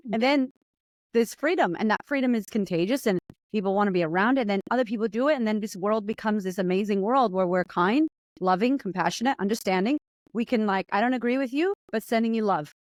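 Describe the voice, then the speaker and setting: A woman guest in an interview, a confidence coach who talks in an animated, emotional way, laughing and acting out little voices. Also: medium pitch, fairly quick, no echo. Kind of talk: casual conversational interview.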